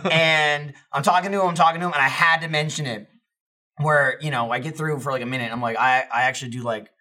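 A young man with a bright, slightly high voice tells a story on a podcast. He is animated and rambling, full of fillers and casual swearing. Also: fast talker. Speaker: podcast co-host.

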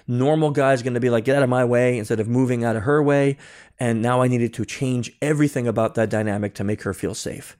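A middle-aged man as a podcast guest, telling lively anecdotes and explaining them step by step in a casual way. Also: medium pitch, brisk. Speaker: guest, security consultant and author. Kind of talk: casual interview storytelling.

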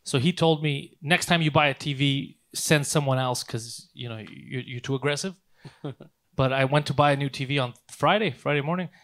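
A man telling a long story in casual podcast chat, swearing often and acting out the people in it. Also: mid-range voice. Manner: fast, profane, animated storytelling. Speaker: podcast host.

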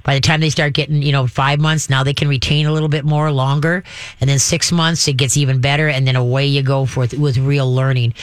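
A man hosting a call-in radio show as a dog trainer, animated and acting out little voices for dogs and owners. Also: brisk, smooth, dry recording. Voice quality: says he has a deep voice. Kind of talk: call-in advice talk.

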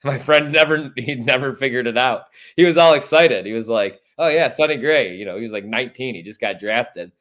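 A man's voice: medium pitch, fairly quick, hardly any pauses. A man from Chicago hosting a casual sports talk show, swearing freely with strong opinions. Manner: profane, animated and opinionated. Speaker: sports radio host.

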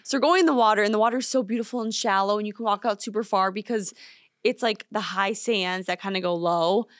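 In casual studio chat, a young female podcast co-host tells an animated story, peppering it with "like" and acting out quotes. She talks fairly quickly in a medium-pitched voice, with no echo.

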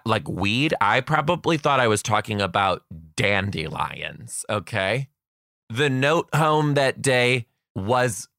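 A man's voice: medium pitch, pushed and bright, no room sound, clean studio sound. A man in his thirties telling a funny story in a chatty, self-mocking way. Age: 30s. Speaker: podcast host, kindergarten teacher. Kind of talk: casual storytelling.

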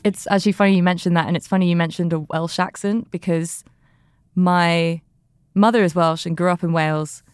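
A woman's voice: fairly low pitch, steady tone, a little fast, clear, resonant tone, dry recording, studio quality. A woman hosting a podcast interview, talking in an enthusiastic, chatty way. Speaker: podcast host. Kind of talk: conversational interview.

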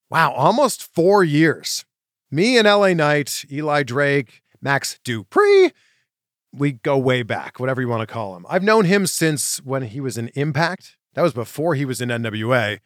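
Male podcast host, slightly high voice, chatty and upbeat, very dry recording. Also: a bit bright, no echo. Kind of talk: podcast intro monologue.

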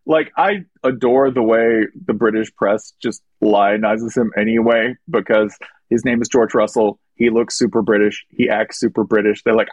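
A man's voice: mid-range voice, moderate pace, slightly rough, no echo. A man hosting a motorsport podcast, chatting casually and joking as he reads out listener questions. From United States. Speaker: podcast host. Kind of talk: casual chat.

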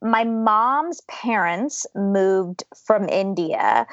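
A woman's voice: mid-range voice, expressive, drawn-out words, no room sound. Reflective woman from Georgia, dull dry sound. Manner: reflective, laughs often, frequent restarts. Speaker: podcast guest. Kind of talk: casual interview conversation.

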